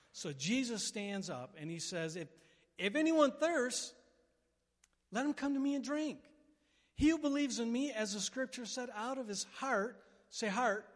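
A male pastor preaching an animated sermon, acting out quotes and breaking into loud bursts. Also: high voice. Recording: long reverb of a large hall.

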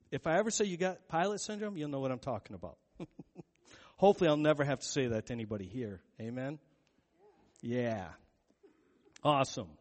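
High-voiced preacher in a reverberant hall. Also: male voice. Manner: conversational, storytelling with acted-out quotes. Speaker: pastor. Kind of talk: sermon. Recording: long reverb of a large hall.

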